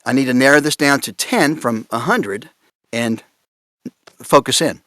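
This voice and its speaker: A man speaking on a conference panel about voice direction, amused and animated, laughing often. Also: mid-range voice, a little slow, no room sound, clean studio sound. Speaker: panelist on voice acting.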